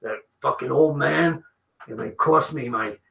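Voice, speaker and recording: A man's voice: medium pitch, a little slow, vocal fry, sharp tone. An older man doing an impression of an enraged wrestler, spitting out profane threats. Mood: menacing. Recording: roomy echo.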